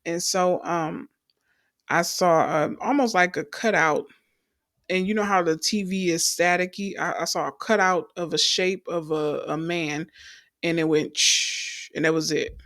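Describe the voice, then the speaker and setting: A woman's voice: fairly low pitch, fairly even intonation, unhurried, fairly bright tone, no echo, clean studio sound. A young adult woman, telling her personal faith testimony in an earnest storytelling way and calling the listeners y'all. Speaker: testimony speaker.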